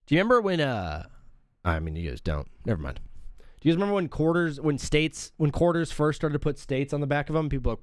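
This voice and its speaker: A man in his thirties hosting a live sports talk show, rambling and animated, calling people "bro.". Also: medium pitch, fast talker, no room sound, clean studio sound.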